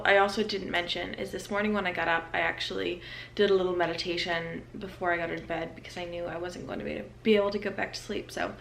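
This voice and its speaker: Young female vlogger, chatty and easygoing, a touch of fry, middle pitch. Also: a bit bright, slight background noise. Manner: chatty, self-aware, with many fillers. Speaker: lifestyle vlogger. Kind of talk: casual vlog chat. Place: her apartment.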